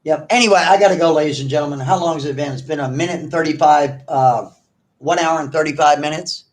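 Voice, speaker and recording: A man hosting an online video rants at an absent rival in a confrontational livestream, accusing and mocking him and repeating himself often. His voice is on the high side and fast.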